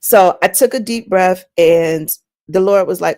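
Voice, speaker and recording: A woman with a lowish, gravelly voice talks casually about her faith and daily life. She is chatty and animated, often doubling back to repeat words as she goes. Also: unhurried. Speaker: inspirational vlog host. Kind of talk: casual faith-based personal talk.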